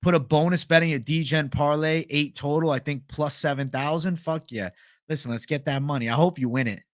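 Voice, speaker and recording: A young man chatting casually on a live stream in a laid-back, profane way, with a somewhat high voice. The sound is dry and close, with no room echo. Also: steady tone, a little fast. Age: young adult. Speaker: host. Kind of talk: casual live-stream chat reading comments.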